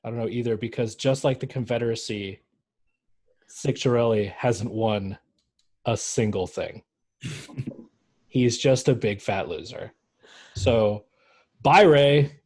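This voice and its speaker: A man co-hosting a casual sports podcast, animated and mocking, who often jumps into exaggerated voices. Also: mid-range voice, slow, pauses often. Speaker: podcast co-host. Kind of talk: casual chat.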